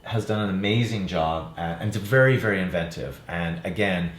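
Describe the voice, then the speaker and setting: An older man with a very low voice, an actor and playwright, speaks relaxedly and reflectively in an interview chat, often pausing on fillers. His voice sits in a roomy space with a faint hum of ambience behind it.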